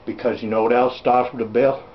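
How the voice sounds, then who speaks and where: A man plays a blustering, foul-mouthed backwoods salesman pushing junk in a comic sketch filmed at home, rambling in a lightly acted way. His mid-range voice is fairly quick with fairly even intonation, and the roomy, dull camera audio carries slight background noise.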